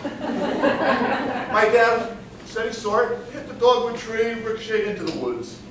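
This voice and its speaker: High, lively man telling a comic story. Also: slow pace. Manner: animated storytelling with comic timing. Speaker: contest speaker. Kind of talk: humorous competition speech. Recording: echoey hall from far off, with room noise. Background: audience laughter.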